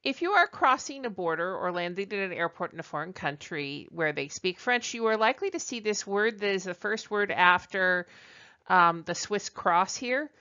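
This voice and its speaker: A woman teaching a recorded French lesson, talking deliberately with frequent ums and uhs and modelling phrases for repetition. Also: medium pitch, expressive, bright, forceful tone, clean tone, dull audio.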